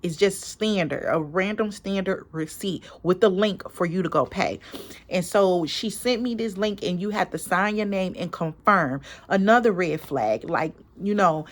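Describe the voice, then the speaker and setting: A woman vlogger and small business owner, a parent, retelling a story in a casual, emphatic, animated way with quoted dialogue. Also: mid-range voice. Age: adult parent.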